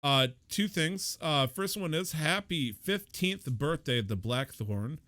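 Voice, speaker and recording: A man's voice: fairly high pitch, animated, slow pace, sharp tone, no echo, studio quality. Joking, rambling male podcast co-host. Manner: jokey, rambling, swears casually. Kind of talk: casual podcast chat.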